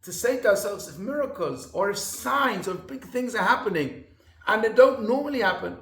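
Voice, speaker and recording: A man's voice: high voice, lively intonation, moderate pace, fairly bright tone, reverberant. A man rabbi giving a sermon in an earnest storytelling manner with emphatic repetition.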